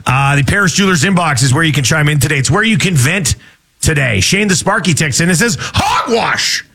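A man hosting a morning sports talk show from a radio studio. His voice sits a touch high, and he keeps things chatty and quick, tossing out listener texts between rounds of banter. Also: animated, sharp tone, slight background noise.

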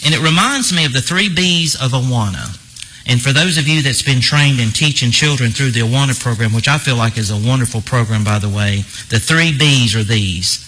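A man's voice: mid-range voice, sharp tone, a little hiss or hum, rough recording. A man preaching a sermon, emphatic and fond of repeating phrases for effect. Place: church.

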